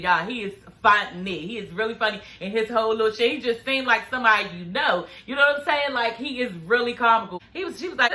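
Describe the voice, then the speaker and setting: A woman in her forties, her voice a little high, pushed and bright, recaps a reality show in casual chat. She's sassy and profane, calling her viewers honey and girl.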